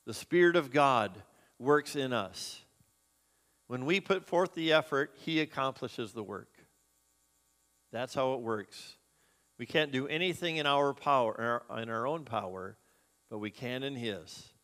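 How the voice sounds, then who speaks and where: A man's voice: mid-range voice, animated, measured pace, a bit bright. A man preaching a sermon as a pastor, earnest and conversational, asking the congregation questions. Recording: long hall reverb.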